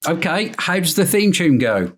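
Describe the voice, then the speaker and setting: Husky, animated male co-host. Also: on the high side. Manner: teasing, easygoing, quick to laugh. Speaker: podcast co-host. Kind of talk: casual chat.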